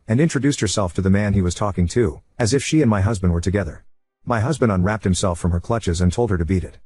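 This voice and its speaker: A man narrating a first-person story in a measured, even reading style. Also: on the low side, dry recording. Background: faint background music.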